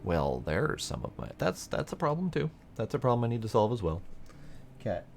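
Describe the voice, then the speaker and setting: A man's voice: mid-range voice, wildly swooping pitch, fairly quick, vocal fry, darkish tone, slight background noise. A man giving casual let's play commentary, thinking aloud as he plays and swearing mildly now and then. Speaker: gameplay commentator.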